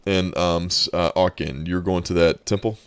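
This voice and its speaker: A man's voice: low voice, fairly even intonation, moderate pace, clean tone, no room sound. A man narrating a tabletop game as game master, loose and full of fillers.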